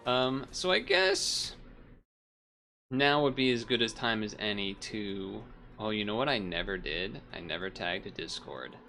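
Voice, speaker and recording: A man's voice: lowish voice, sharp tone. A man live-streaming a game, rambling casually to his chat with self-amused asides and casual swearing, over game music.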